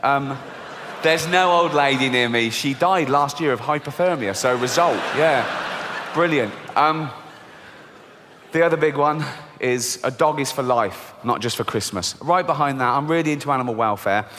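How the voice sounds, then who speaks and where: A man in his fifties with an English accent, performing a stand-up set in a dry, deadpan and crude manner. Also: medium pitch, moderate pace, a little hiss or hum. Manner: deadpan, dark and crude, acts out characters. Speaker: stand-up comedian. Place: theatre stage. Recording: reverberant hall, faint ambience.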